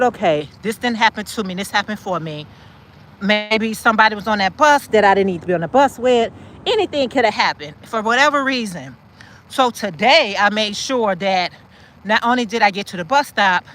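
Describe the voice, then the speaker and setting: A woman's voice: on the high side, bright, forceful tone. A woman hosting a walk-and-talk chat, who preaches encouragement, repeats lines for emphasis and answers viewer comments as she walks outdoors. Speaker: channel host. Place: outdoors, walking in a city.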